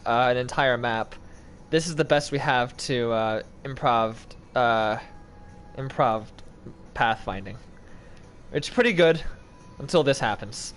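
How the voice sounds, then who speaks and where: A man's voice: medium pitch, normal speed, a bit bright, faint music behind. A young man giving casual gameplay commentary, pleading with and scolding an in-game character that won't go the right way. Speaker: gaming video creator.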